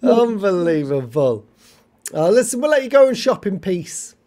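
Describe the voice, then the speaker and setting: A woman's voice: medium pitch, very animated, moderate pace, mellow. A woman co-hosting a casual live stream, chatty and teasing, often exclaiming. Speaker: livestream co-host.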